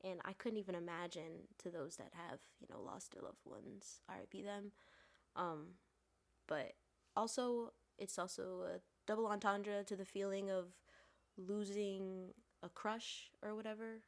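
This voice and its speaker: Relaxed woman poet musing with fillers. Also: medium pitch. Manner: relaxed, halting, many fillers. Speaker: poet, podcast guest. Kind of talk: casual explanation of her poems.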